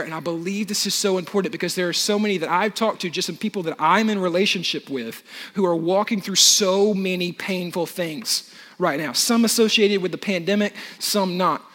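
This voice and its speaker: A young adult man, a pastor preaching a sermon, who drops soft and slow on key words and builds with force in other passages. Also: high-pitched, in a large hall.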